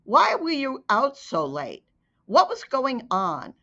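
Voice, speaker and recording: A woman's voice: high-pitched, huge pitch swings, slow, bright, forceful tone, pitched above the performer's own voice, full character voice. A woman voicing a stern adult male police officer who fires off pressing questions. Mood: demanding. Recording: dull lo-fi recording.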